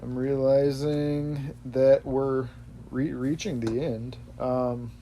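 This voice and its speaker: A man speaks slowly in a mellow, medium-pitched voice with fairly even intonation while hosting a podcast, a little hiss or hum underneath. He rambles casually, often correcting himself and laughing easily.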